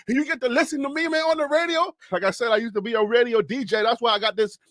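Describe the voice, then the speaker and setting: A man with a Liberian accent and a strikingly high voice hosts a live sports talk show. He talks fast and with hyped energy, shouting out viewers one after another. The sound is dry and close, with no room around it. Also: no echo. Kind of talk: casual live-stream chat with shout-outs.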